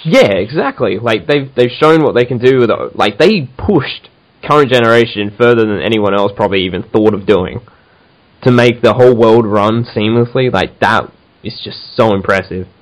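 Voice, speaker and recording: A man's voice: fairly low pitch, lively intonation, normal speed, poor audio. A man hosting a casual podcast chat, talking with enthusiasm and many fillers and restarts. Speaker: podcast host.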